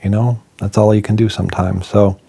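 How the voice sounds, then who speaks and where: A man in his forties telling a painful personal story in a candid, reflective way, pausing often with fillers. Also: lowish voice, little pitch movement, vocal fry, warm tone, husky. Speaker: vlogger.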